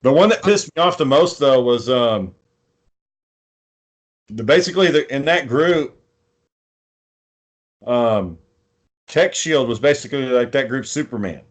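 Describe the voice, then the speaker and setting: A man's voice: mid-range voice, lively intonation, a little slow, long pauses. Guy hosting a podcast, swears a lot, rambly stories, normal mid voice. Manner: rambling, profane storytelling. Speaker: podcast host. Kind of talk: casual chat.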